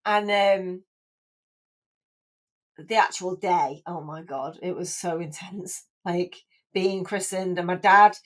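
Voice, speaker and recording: A woman's voice: fairly low pitch, fairly even intonation, slow, pauses often. A woman in her forties, a podcast guest, telling her story in casual, chatty talk full of restarts and "like"s. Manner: chatty, emotional, many restarts and "like"s. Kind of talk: casual chat.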